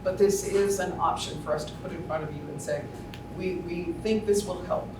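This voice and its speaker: A man on a school board speaking earnestly at a public forum, explaining plans in a measured way. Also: sits high, fairly even intonation. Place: large meeting room. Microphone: distant room mic. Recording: echoey room audio from far off, noisy.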